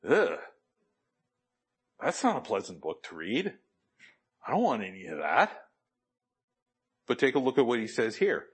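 With a mid-range, slightly rough voice, a man preaches emphatically, quoting scripture and directing questions at the congregation.

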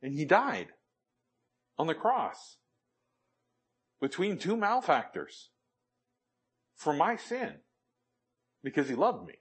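Husky-voiced man preaching a sermon. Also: on the high side, big pitch swings, slow, long pauses. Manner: asks the audience questions, emphatic.

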